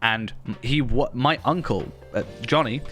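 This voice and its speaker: A man's voice: medium pitch, unhurried, fairly bright tone. A man chatting in a rambling, self-deprecating way while streaming a game. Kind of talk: casual gaming commentary. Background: faint game music.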